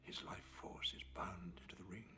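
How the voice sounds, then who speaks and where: An actor playing a stern, wise old wizard who speaks gravely and booms when angered, from a film soundtrack. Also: male voice, steady tone, normal speed, whispered, lightly acted. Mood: grave warning. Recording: film audio with score behind.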